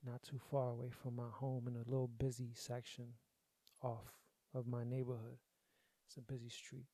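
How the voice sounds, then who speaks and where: Podcast host, young man, loose profane storytelling, emotional, warm low-key voice, dry mic. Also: monotone, normal speed, no echo. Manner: profane, conversational, repeats himself. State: grieving, emotional. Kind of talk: casual storytelling.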